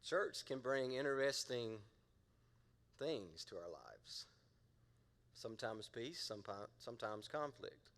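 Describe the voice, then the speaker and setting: A man's voice: mid-range voice, very animated, takes it slowly, pauses often, a bit bright, big-room sound. A middle-aged man, a pastor preaching a sermon in a playful, conversational way and drawing the congregation into call-and-response.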